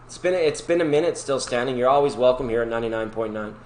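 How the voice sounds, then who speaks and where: A man's voice: mid-range voice, quick pace. A man hosting a live tarot reading stream, talking in a rambling, upbeat, chatty way to his viewers. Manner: chatty, rambling, upbeat, breaks into sung snippets. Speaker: tarot reader and livestream host. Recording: echoey room with faint background noise.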